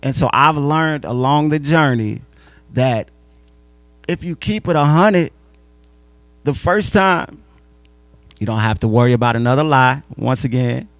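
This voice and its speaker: A man from North Carolina telling a story in relaxed, slangy talk, repeating phrases for emphasis. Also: mid-range voice, measured pace, pauses often, dry recording. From Asheville, North Carolina. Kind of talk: casual storytelling.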